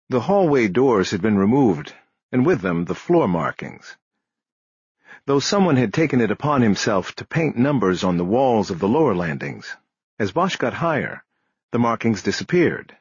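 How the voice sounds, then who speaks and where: Male audiobook narrator, low husky voice, lively pitch, dry slightly dull recording. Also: dry recording. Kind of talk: scripted narration.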